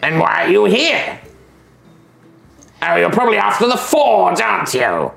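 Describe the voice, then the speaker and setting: A man's voice: sits high, very animated, a little slow, creaky, roomy sound, crowd noise, pitched above the performer's own voice, full character voice. A man voicing a grumpy, battle-scarred old male goblin soldier who insults everyone around him. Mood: suspicious. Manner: sneering, insulting and impatient.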